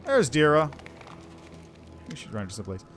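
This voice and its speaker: A man's voice: a little high, huge pitch swings, normal speed, a bit bright, soft background music. A man streaming a game, chatting casually and reading the story aloud.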